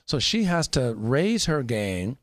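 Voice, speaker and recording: A man's voice: mid-range voice, big pitch swings, slow, no echo, studio quality. A man coaching in casual chat, talking emphatically and laughing often.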